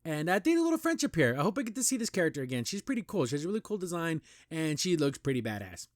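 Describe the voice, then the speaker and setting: A fairly high-voiced man talks through a cartoon episode in a loose, eager review. He piles on fillers and restarts, and his voice shoots up whenever something strikes him as sweet or beautiful. The sound is dry and close, with no room around it. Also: very animated, racing, no room sound. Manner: enthusiastic, rambling, heavy on "like" and "you know"; pitch jumps up when praising. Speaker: host of a cartoon review show.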